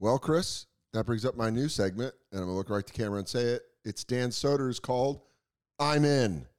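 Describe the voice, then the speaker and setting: A man co-hosting a casual comedy podcast, cracking jokes and dropping into quick mock voices. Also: mid-range voice, darkish tone, clear, resonant tone. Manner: joking, bits of mock voices, profane. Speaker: podcast co-host.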